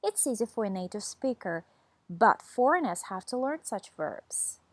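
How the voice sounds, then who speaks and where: A woman reading a scripted beginner language lesson, enunciating each word slowly and deliberately for learners. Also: fairly high pitch, big pitch swings, no room sound. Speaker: language teacher.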